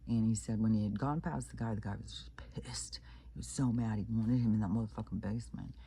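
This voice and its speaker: A man's voice: fairly low pitch, fairly even intonation, a little fast, mellow, slight background noise. A man from Kansas casually telling a creepy anecdote, rambling with many fillers and restarts. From Kansas, United States. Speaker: channel host. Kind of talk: casual storytelling.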